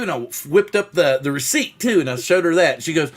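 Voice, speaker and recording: A man's voice: a little high, fast, few pauses. A man hosting a casual livestream show. He tells stories with acted-out voices and greets viewers in the chat by name. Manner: animated storyteller who acts out the voices in his story.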